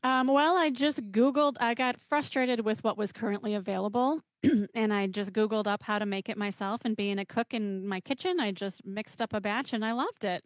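A woman's voice: medium pitch, normal speed, hardly any pauses, dry recording. A woman in her thirties, a guest on a radio talk show, chatting enthusiastically about natural products. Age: 30s. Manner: chatty, enthusiastic, lots of fillers. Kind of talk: casual chat.

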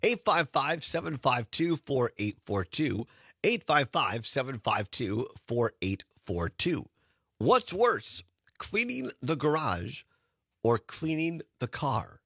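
A man's voice: medium pitch, big pitch swings, takes it slowly, fairly bright tone, breathy edge, dry recording, studio quality. A man hosting a radio talk show, chatting casually and laughing often. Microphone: studio microphone.

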